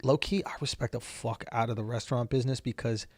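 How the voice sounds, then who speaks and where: A man appearing as a comedian guest on a podcast, telling stories in an animated, profane, casual way. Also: mid-range voice, fast, slightly rough, no echo, studio quality. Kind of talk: casual chat.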